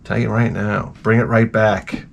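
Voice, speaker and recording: A man's voice: lowish voice, a little slow, gravelly, a little hiss or hum. A middle-aged man, ranting in a rambling, profane comedic monologue. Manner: rambling, profane, animated storytelling. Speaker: comedic host.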